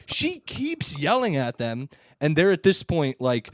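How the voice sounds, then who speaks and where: A man hosting a casual podcast, telling a story with lots of energy and throwing his voice up high whenever he acts out the people in it. His voice sits a little high for a man. The sound is dry and close, with no room echo. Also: normal speed. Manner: animated storyteller, acts out quoted people with big pitch jumps. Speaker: podcast host.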